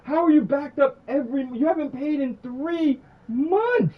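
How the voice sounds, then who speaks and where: Very high-voiced, angry profane man. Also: measured pace, lo-fi sound. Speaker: streamer. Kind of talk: heated phone argument during a stream.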